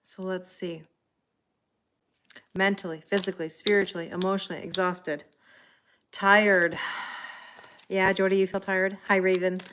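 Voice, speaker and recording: A middle-aged woman reading tarot on a livestream, chatting casually, greeting viewers by name and filling pauses with ums and soft laughs. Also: medium pitch, flat delivery, slight background noise. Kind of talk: live-stream casual chat.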